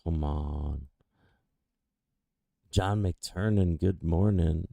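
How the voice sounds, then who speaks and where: Gravelly, very dark-voiced excitable man. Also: rumbling low, slow pace, long pauses, no room sound, clean studio sound. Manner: excitable, exclaiming, pleading with the chart. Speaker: crypto chart streamer. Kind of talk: excited live chart commentary.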